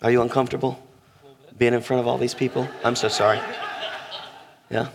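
A man's voice: lowish voice, level tone, fast talker, creaky, a little hiss or hum. A man preaching a sermon as pastor, emphatic, repeating phrases and asking the congregation questions. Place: church sanctuary.

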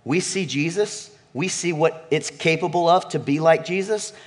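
A man preaching a sermon with emphatic delivery, shifting from loud calls to low murmurs and asking the congregation questions. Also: normal speed, breathy edge. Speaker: pastor.

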